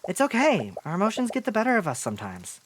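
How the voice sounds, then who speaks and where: Gentle reassuring young woman, read by a male streamer, lively in pitch. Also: quick pace, slight background noise, exaggerated voice. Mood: caring.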